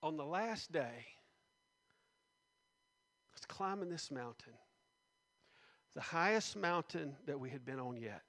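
A middle-aged man with a slightly raised pitch shares a personal testimony with a gathering indoors. He tells it in an earnest storytelling manner. At the weightiest parts his voice sinks soft and low. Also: lively intonation, takes it slowly, pauses often. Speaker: speaker giving a personal testimony.

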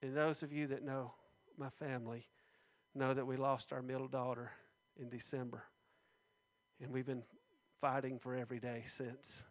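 A middle-aged man telling a personal testimony to a gathering in an indoor hall. He speaks earnestly and drops soft and low at the heavy parts. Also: little pitch movement, normal speed.

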